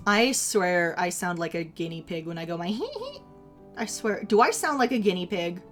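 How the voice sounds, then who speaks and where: A woman's voice: lowish voice, unhurried, pauses often, a bit bright, soft background music. A young adult woman streaming, chatting casually with viewers in a giggly, chatty, self-deprecating way. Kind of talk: casual live-stream chat.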